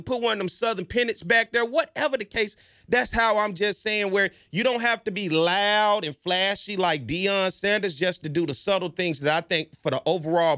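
A man with a high, sharp voice hosts a college sports fan show, delivering a casual commentary monologue that's slangy, conversational, emphatic, and persuasive. He often speaks straight to his listeners, and the recording is dry with clean studio sound.

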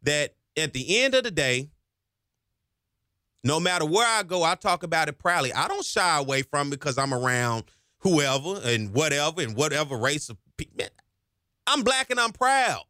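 A man's voice: a little high, animated, moderate pace, pushed and bright, no room sound, clean studio sound. A man hosting a talk radio show, speaking with passion and getting himself hyped up as he goes. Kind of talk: energetic talk radio monologue. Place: radio studio. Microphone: studio microphone.

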